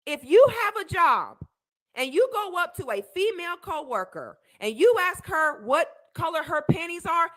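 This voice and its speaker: A woman's voice: high-pitched, pushed and bright. A young woman giving heated, indignant commentary on a video as a debate panelist, emphatic and repetitive. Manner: indignant, emphatic, repeats herself. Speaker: debate panelist reacting to a clip.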